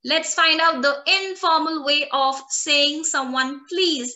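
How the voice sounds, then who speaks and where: Slow, bright-voiced woman teaching French. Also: high voice. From India. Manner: repeats words slowly for learners to copy. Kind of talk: online language lesson.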